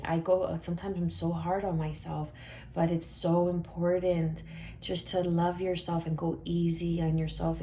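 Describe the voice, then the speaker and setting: A woman talks viewers through a tarot reading in a low, mellow voice. She keeps it chatty and reassuring, stumbling over words with fillers and small laughs. Her tone stays fairly even throughout. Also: slight background noise. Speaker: tarot reader.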